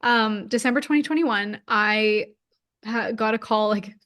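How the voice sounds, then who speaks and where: Speaking at a measured pace in a fairly bright, somewhat high voice, a thirtysomething woman recounts a personal story as an interview guest. She's open and emotional and says "like" frequently.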